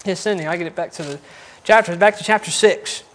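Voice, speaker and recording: A man's voice: high-pitched, brisk, fairly bright tone, a little hiss or hum. A man preaching a folksy, conversational sermon full of rhetorical questions.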